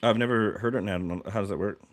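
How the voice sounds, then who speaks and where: A man with a fairly low voice co-hosts a casual podcast. He talks excitably, tripping over his words and starting sentences again. His telling of a story rushes ahead. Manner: excitable, lots of restarts. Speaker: podcast co-host. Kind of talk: casual chat.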